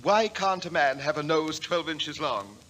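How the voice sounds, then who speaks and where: An actor playing a prim, formal manservant in 1940s radio acting, stiffly polite and saying sir at every turn. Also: male voice, on the high side, expressive, unhurried, bright, forceful tone, a little hiss or hum, poor audio. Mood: tipsy giggling. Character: prim, formal middle-aged English manservant.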